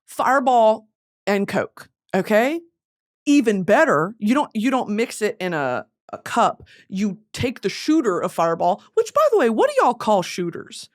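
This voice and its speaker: A young Southern US woman hosts a casual solo podcast, rambling along and swearing through flustered outbursts. Her mid-range voice is very animated and moves at a normal speed.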